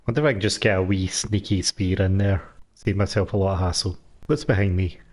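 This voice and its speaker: A man commentates casually on his gameplay, with a lowish voice. He makes wry, joking asides as he plays. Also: fairly even intonation, brisk. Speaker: gameplay streamer.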